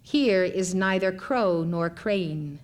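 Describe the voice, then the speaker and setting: A woman voicing a simple, dutiful housewife who speaks gently and plainly. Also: lowish voice, slow pace. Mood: calm, gentle.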